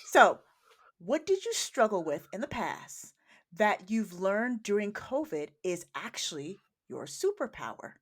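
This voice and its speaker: A woman hosting an interview podcast, chatting in a warm, encouraging way. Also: mid-range voice, sing-song, measured pace, breathy edge. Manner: warm, encouraging, laughs often. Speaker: podcast host. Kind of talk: casual interview chat.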